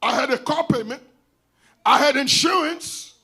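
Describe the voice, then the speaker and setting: High, bright Haitian man preaching. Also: measured pace. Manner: animated, switches between languages, shouts for emphasis. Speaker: pastor. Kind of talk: storytelling sermon.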